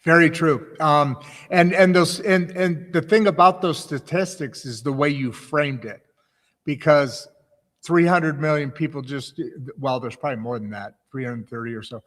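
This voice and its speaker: A man's voice: on the high side, moderate pace, a bit bright, big-room sound. A man hosting a livestream interview, chatty and rambling, often restarting his sentences. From United States. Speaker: host.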